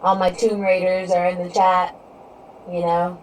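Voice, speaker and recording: A woman chats loosely with her live-stream audience, drifting between topics and leaning on "you know" every few words. Her voice sits a little low, and she sounds set back from the microphone, with a faint hiss in the background. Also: little pitch movement, measured pace, darkish tone. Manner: rambling, leans heavily on "you know". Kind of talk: casual live-stream chat with viewers. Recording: distant mic with faint background noise.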